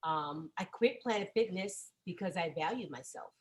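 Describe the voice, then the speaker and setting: A woman in her forties doing a profane, chatty stand-up set that bursts into loud exasperated rants. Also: fairly low pitch, lively intonation, normal speed. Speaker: stand-up comedian.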